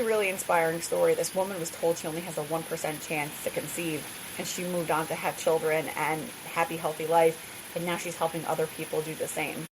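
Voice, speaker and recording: A middle-aged woman hosting a podcast, talking candidly and casually, laughing often and filling her talk with "like" asides. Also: lowish voice. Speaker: podcast host. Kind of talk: candid solo podcast chat. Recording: hissy recording.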